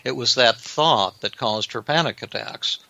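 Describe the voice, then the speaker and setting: A male psychiatrist hosting a podcast, telling a clinical anecdote in a halting way that often repeats words. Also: mid-range voice, vocal fry, sharp tone, no echo, lo-fi sound.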